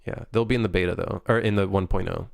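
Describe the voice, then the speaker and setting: A young man, a game developer on a livestream, talking loosely and haltingly with many fillers while reading viewer chat aloud. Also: low-pitched, fairly even intonation, vocal fry, no echo.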